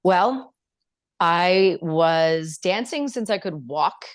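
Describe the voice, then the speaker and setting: A woman's voice: fairly low pitch, animated, very slow. A woman from Canada chatting as a guest on a podcast, bubbly and laughing often. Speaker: guest singer and dancer. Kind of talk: casual interview chat.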